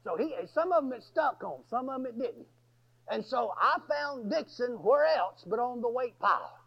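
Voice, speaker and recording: A man telling a story in a sermon, folksy and animated, often bursting into shouts. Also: very high-pitched, normal speed, creaky. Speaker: preacher. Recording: dull lo-fi sermon recording.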